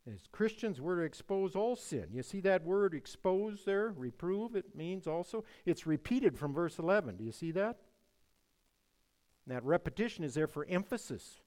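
A man preaching a sermon, swinging between hushed lines and loud emphatic ones. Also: sits high, expressive, moderate pace. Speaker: pastor.

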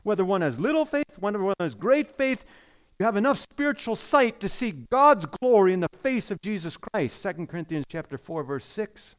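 A man preaching a sermon, stressing and repeating key phrases and letting his voice sink low and quiet at the ends of lines. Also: very animated, normal speed.

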